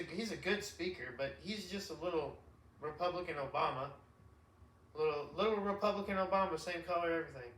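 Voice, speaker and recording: A man with a bright, fairly high voice rants in casual podcast chat, emphatic and slangy as he rambles. The room is echoey and he sits back from the mic. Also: far from the mic. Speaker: podcast host.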